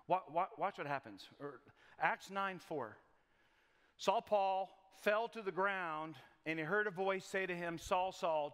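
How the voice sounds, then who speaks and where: A male pastor gives a loose, conversational sermon, tossing in folksy jokes and stumbling over repeated words. His voice sits a bit higher than most men's. It rings out with the long reverb of a church sanctuary. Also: fairly bright tone.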